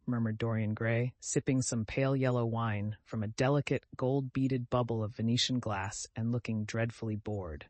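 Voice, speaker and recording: A man narrating a classic novel as an audiobook, measured and literary. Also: mid-range voice, steady tone, darkish tone, no room sound.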